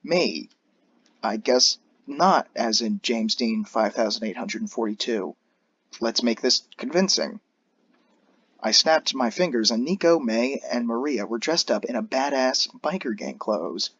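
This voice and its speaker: A young man giving a deadpan comedic dramatic reading of a fan story, dryly reading out even the punctuation. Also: mid-range voice, measured pace, breathy edge, dry recording. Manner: dry, reads punctuation aloud. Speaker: reader. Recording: dull lo-fi dry recording.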